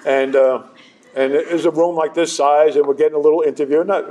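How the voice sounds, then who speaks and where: A man's voice: fairly high pitch, steady tone, brisk, dark tone, slight background noise. A middle-aged man sharing his recovery story with a live audience, conversational and self-deprecating.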